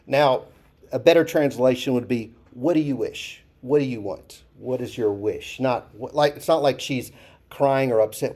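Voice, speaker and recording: Guy pastor teaching a bible class, mellow tone, chatty, asks the room stuff and repeats himself. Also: medium pitch, animated, measured pace. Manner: conversational, asks the group questions, repeats phrases for emphasis.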